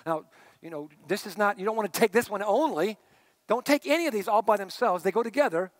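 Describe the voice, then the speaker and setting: High-voiced middle-aged man preaching. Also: quick pace, no echo. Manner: conversational preaching, swinging between hushed and emphatic. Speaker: pastor. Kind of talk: sermon.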